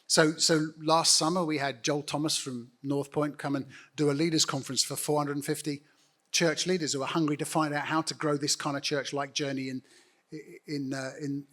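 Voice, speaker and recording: A middle-aged man with a voice that sits a little high for a man. He addresses a congregation as a guest leader, earnest and direct, appealing to them to act. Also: fairly bright tone. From United Kingdom. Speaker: guest church network leader. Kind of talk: on-stage interview speaking to a congregation.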